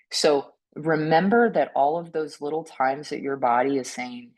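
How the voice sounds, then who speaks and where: A woman speaking on a panel about mental health, gentle and earnest, often tagging her points with a questioning "right?" and restarting her words. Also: deep voice, normal speed, rough recording. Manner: frequent restarts and repeated words. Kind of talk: reflective panel talk.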